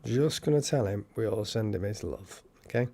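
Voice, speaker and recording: A man hosting a casual live stream, chatty and excitable, thanking viewers by name. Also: lowish voice, normal speed, vocal fry.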